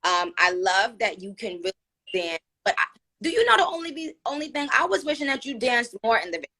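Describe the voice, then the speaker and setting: Talking fast in a slightly high voice, a woman with a New York accent runs a live stream. Her chatter is lively and casual, packed with fillers.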